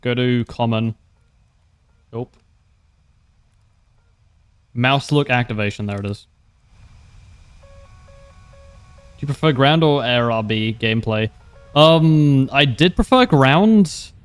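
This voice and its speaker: A young man giving casual, wry commentary while he streams a game. He laughs often and answers viewers' questions in an easygoing way. His voice sits at a middle pitch. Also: animated, slow, pauses often, clean tone, no echo, soft background music. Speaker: livestreamer.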